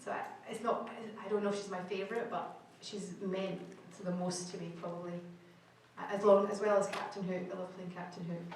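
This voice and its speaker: A Scottish woman answers fans on a convention panel, chatty and quick to laugh, often breaking off and starting her sentences again. She sounds distant and washed in heavy hall echo, with a faint hum of noise underneath. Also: medium pitch, level tone, darkish tone. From Scotland. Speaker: guest actor on a convention panel. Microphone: camera in the audience, far from the stage. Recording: echoey hall recorded from far off.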